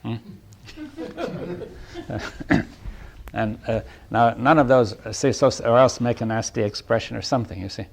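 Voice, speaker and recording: A man giving a reflective spoken talk to a small audience. He often restarts his phrases, checks in with his listeners, and chuckles softly between points. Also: medium pitch, steady tone, normal speed, creaky, long pauses.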